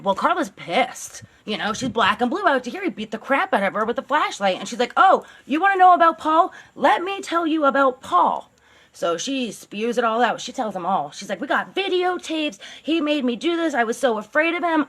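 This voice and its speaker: A woman's voice: mid-range voice, fairly bright tone. A woman telling a true-crime story as a channel host, in a casual, blunt, sarcastic way, swearing now and then.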